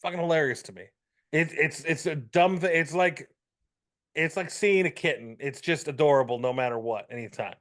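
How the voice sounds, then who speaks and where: A man's voice: a little high, moderate pace, fairly bright tone. A man co-hosting a casual podcast chat, ranting and joking with profanity. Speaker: podcast co-host.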